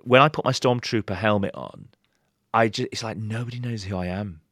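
Brief: low-voiced pastor, animated storyteller, dry close sound. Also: male voice, a little fast, dry recording. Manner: animated storyteller, voices quoted people with pitch jumps. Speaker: pastor and author, podcast guest. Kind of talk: casual podcast interview.

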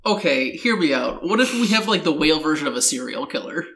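A man's voice: a little high, sing-song, fairly quick, fairly bright tone. A man co-hosting a casual film review chat, quippy, with joking asides and casual swearing. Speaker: podcast co-host.

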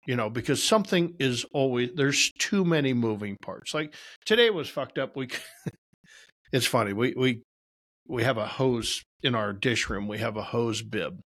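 A man with a medium-pitched, slightly bright voice and lively intonation, a regular on a podcast talk show, casually tells rambling stories about his work at normal speed. He swears freely and pokes fun at himself throughout.

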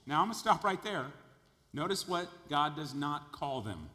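A man preaching a sermon, emphatic and building to loud peaks, often repeating his words. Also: fairly high pitch, a little slow, long reverb tail. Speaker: pastor.

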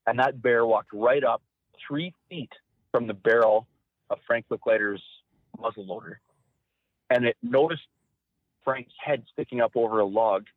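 A man tells his hunting stories with lively energy, jumping up in pitch whenever he acts out what someone said. His voice comes through a dry, narrow, phone-like line. He talks at a middling pitch for a man. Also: measured pace, pauses often, no echo. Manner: animated storyteller, acts out quotes in a raised voice. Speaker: guest, former hunting cameraman. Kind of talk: storytelling interview.

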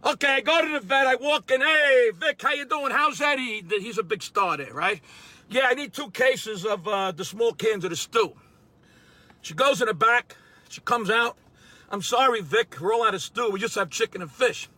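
A man playing an angry middle-aged guy in a comedy clip, ranting loudly and crudely about an errand gone wrong. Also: very high voice, normal speed, no echo, heavily acted. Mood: fed up. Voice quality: loud, exasperated, profane ranting. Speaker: comedy character in a played clip. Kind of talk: comedic rant monologue.

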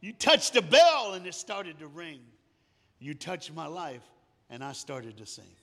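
A man's voice: a little high, sing-song, a little slow. Dramatic male preacher in a big hall. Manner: dramatic, swings from hushed to loud, sings song lines. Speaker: guest preacher. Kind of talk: storytelling sermon. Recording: long hall reverb.

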